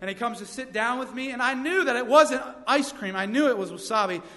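A man's voice: extremely high pitch, expressive, brisk, pushed and bright. A young man, a youth pastor preaching a sermon with energy and funny stories. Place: church sanctuary. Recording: long reverb of a church hall.

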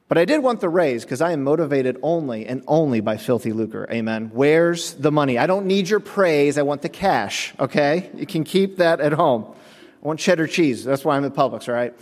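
A male pastor preaching a sermon, telling a comic story in an animated, mock-indignant way. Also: fairly high pitch, normal speed. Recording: echoey hall with long reverb.

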